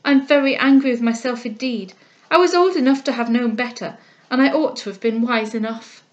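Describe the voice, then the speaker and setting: Woman reader doing a humble, impulsive young girl, high and eager, earnest, lo-fi audio. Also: a little fast, natural voice. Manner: eager and heartfelt, speaking up with spirit.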